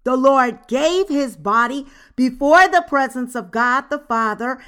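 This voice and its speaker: Brief: woman, sermon reader, higher voice, unhurried and deliberate. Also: animated, pushed and bright, smooth. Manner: measured, deliberate reading. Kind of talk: read-aloud sermon.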